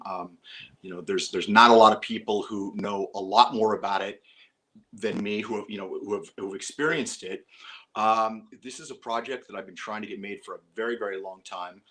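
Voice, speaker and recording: Middle-aged male actor guest, low voice, chatty storyteller who restarts sentences. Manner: animated storytelling with frequent restarts. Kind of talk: casual interview talk.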